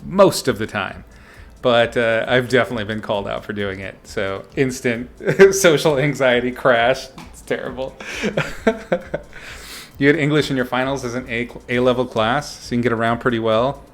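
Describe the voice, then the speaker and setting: A man's voice: medium pitch, fairly even intonation, fairly quick. A man talking casually to his viewers on a livestream, answering chat and laughing often. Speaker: streamer chatting with viewers while painting.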